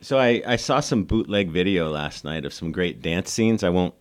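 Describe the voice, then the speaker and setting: A man with a very low voice hosts a relaxed interview. He asks questions in a playful, joking way. The feel is easygoing conversation. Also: moderate pace, clean tone. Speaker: host. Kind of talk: casual interview chat.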